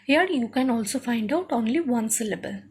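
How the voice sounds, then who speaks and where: A woman's voice: fairly high pitch, animated, moderate pace, breathy edge. A woman teacher giving a phonics lesson, spelling words out letter by letter and often checking in with "okay?".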